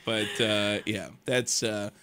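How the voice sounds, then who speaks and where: A man in his thirties telling a comic story as a radio guest, animated and stammering, acting out the other voices. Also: on the low side, slow, smooth. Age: 30s. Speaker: comedian guest.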